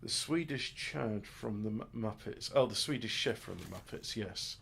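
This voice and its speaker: A man's voice: on the low side, expressive, moderate pace, vocal fry, fairly bright tone, a little hiss or hum. A man muttering his way through a game in casual let's play commentary, with crude offhand jokes. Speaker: gamer.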